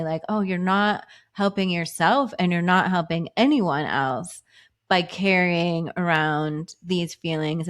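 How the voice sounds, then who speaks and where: A woman co-hosting a podcast, chatting casually with lots of "like" fillers and acting out her own past thoughts. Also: lowish voice. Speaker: podcast co-host.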